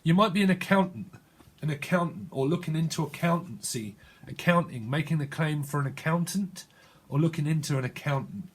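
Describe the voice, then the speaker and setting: A British man rambles through a casual tarot reading in a husky, slightly high voice. He jumps playfully from idea to idea and slips into slangy imagined dialogue. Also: lively intonation, a little fast. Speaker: tarot reader.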